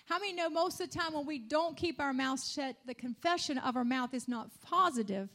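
A woman's voice: high voice, fairly quick, a bit bright. A woman preaching a church sermon, calling out hallelujahs and asking the congregation to respond, building to emphatic declarations. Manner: call-and-response with frequent hallelujahs.

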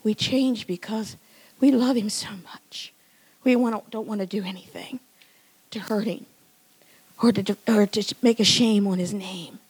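A woman in her sixties preaching a sermon in church, moving from loud emphatic lines to hushed, whispered ones. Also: mid-range voice, fairly even intonation, unhurried, breathy edge. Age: 60s.

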